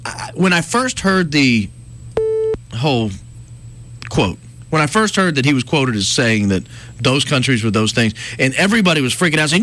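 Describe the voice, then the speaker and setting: Sarcastic radio host guy, pitch jumps all over, studio mic. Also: sing-song, normal speed, a bit bright, a little hiss or hum. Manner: sarcastic, mocking, puts on sing-song voices. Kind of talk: morning talk radio banter.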